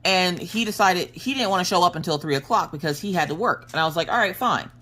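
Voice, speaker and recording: A woman's voice: lowish voice, fast, fairly bright tone. A woman in her thirties telling a story in a casual, chatty way while crafting on her vlog, laughing often. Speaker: craft vlogger.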